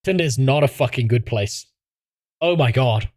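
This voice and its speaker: A man's voice: mid-range voice, expressive, normal speed, darkish tone, no echo. A man streaming and reacting to videos in casual commentary, swearing heavily and mocking himself. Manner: crude, heavy swearing, self-mocking.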